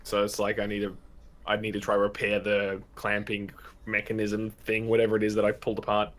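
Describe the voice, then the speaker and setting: A man with a lowish voice plays a tabletop game with friends. He chats easily and drops quick asides. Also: completely flat delivery, fairly bright tone. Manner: chatty, quick asides and laughs. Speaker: player. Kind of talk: casual tabletop play.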